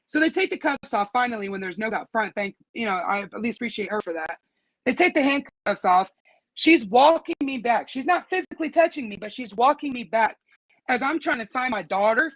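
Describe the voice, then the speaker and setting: Profane and indignant, a mother of a teenage daughter chats casually about something that happened to her. She speaks a little fast in a slightly high voice with lively intonation, and the recording is rough though echo-free.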